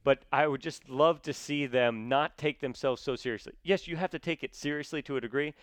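A man, talking as a podcast guest in a casual, animated way with many fillers. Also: a little high, fairly quick, clear, resonant tone, no room sound. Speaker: guest, theater actor and sports commentator.

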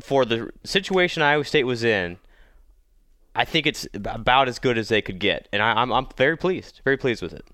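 A man's voice: mid-range voice, animated, brisk, pushed and bright, dry recording, studio quality. A man co-hosting a casual sports podcast, congested from a cold, who often repeats words as he starts a thought. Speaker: podcast co-host.

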